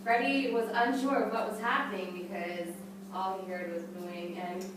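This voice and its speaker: A woman in a theatre workshop narrating her part of an improvised story in a measured way. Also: medium pitch, level tone. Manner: measured narration, breaking into laughter. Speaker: workshop participant. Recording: echoey room, distant mic, background noise.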